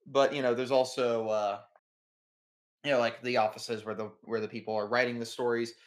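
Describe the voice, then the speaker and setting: A man's voice: mid-range voice, little pitch movement, normal speed. A man running a tabletop game as game master, describing scenes in a rambling way full of fillers.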